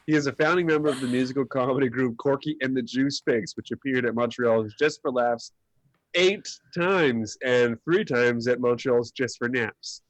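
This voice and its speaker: A man's voice: mid-range voice, normal speed. A Canadian man hosting a live comedy stream and introducing the next performer with enthusiastic praise. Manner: giggly, then hyping up the next act. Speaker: comedy show host.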